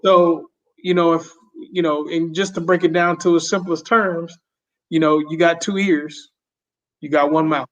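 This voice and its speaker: A man with a slightly high voice talks in a reflective, halting way and often repeats his words in casual podcast chat. The sound is dull and lo-fi. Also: steady tone, a bit bright. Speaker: podcast guest. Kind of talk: casual conversation.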